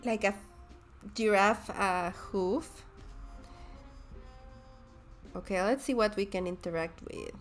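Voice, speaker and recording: Giggly woman streamer, slow talker. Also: mid-range voice. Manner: giggly, excitable, chatty. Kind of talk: game first-impressions commentary. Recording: commentary over game music.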